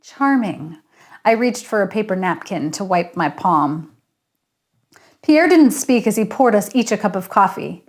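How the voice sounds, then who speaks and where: A woman, the author, reading her story aloud in steady first-person narration. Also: mid-range voice, moderate pace.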